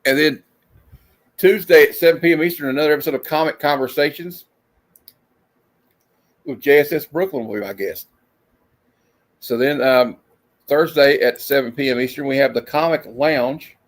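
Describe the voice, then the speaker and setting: A man's voice: on the high side, normal speed, pauses often. Offhand man hosting a stream. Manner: reads comic panels aloud in funny put-on voices; chuckling, loose and offhand. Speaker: host. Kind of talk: casual live-stream chat.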